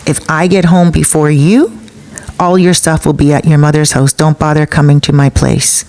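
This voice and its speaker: A woman's voice: low-pitched, little pitch movement, moderate pace, a little mellow. A woman doing a curt, dismissive boyfriend. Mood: stern. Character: defensive man caught cheating, curt.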